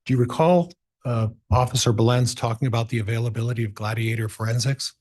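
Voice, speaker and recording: A man's voice: mid-range voice, fairly even intonation, fast talker, darkish tone. A man working as a defense attorney, methodically questioning a witness in a courtroom with some hesitations.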